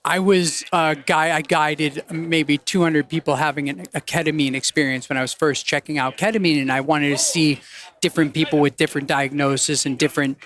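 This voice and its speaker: Male guest, higher-pitched voice, animated storyteller who plays out the people he quotes. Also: fairly quick. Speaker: podcast guest. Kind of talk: casual storytelling in conversation.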